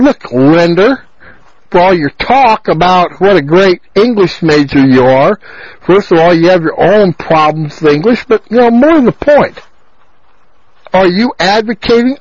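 Male talk radio host, high voice, slow insistent rant, dry muffled lo-fi sound. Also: dry recording. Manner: ranting, insistent, repeats phrases.

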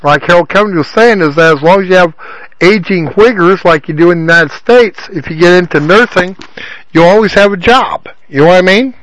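Rambling, fairly high-voiced male host. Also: fairly quick, fairly bright tone, no echo, rough recording. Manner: rambling, many fillers and "you know what I mean". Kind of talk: casual call-in chat.

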